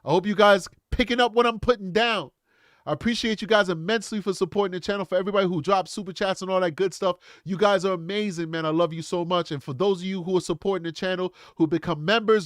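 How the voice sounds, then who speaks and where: Dude live streaming true crime, kinda high voice, blunt and animated, dry close sound. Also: male voice, fast talker, no room sound. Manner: animated, blunt, calls listeners bro and man. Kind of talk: casual live-stream commentary.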